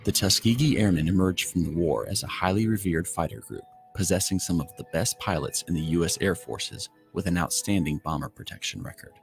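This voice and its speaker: A man reading documentary narration from a script in a measured, formal way. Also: low-pitched, animated, creaky. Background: background music.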